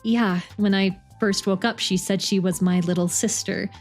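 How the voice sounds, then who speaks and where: A woman's voice: medium pitch, steady tone, normal speed, darkish tone, soft background music, natural voice. A woman voicing a newly awakened space probe that talks hesitantly and awkwardly.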